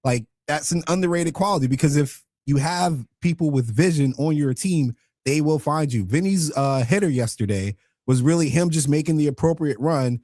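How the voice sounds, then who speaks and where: A man's voice: on the high side, normal speed, few pauses, mellow, dry recording, studio quality. Laid-back male sports radio co-host. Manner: analytical, laid-back, chuckling. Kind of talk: morning sports talk.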